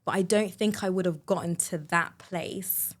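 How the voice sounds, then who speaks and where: A woman hosting a podcast, a mother telling a personal story in a chatty, animated way. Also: fairly low pitch, moderate pace. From United Kingdom. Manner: chatty, animated storyteller, many fillers and restarts. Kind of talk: conversational storytelling.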